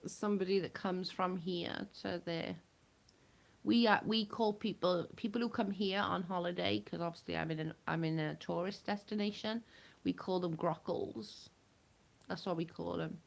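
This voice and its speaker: A woman's voice: on the low side, steady tone, normal speed, gravelly. A woman chatting casually with viewers on a livestream from home. She is blunt and chatty, and she swears freely. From United Kingdom.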